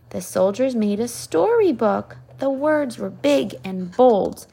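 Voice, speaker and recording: A woman reading a picture book aloud to a child, slow and soft, with whispered asides. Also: on the high side, expressive, vocal fry, husky.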